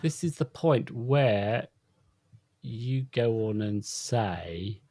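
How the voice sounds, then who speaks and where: A man co-hosting a casual podcast, talking in a halting way with frequent restarts and wry jokes. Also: mid-range voice, expressive, crowd noise. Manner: halting, stumbles and restarts words; jokey, wry asides. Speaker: podcast co-host.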